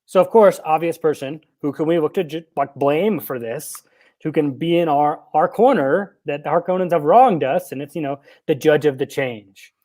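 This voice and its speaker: A man's voice: fairly high pitch, normal speed, warm tone. A young man co-hosting a casual podcast, retelling film scenes with quoted bits and frequent laughs. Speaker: podcast co-host.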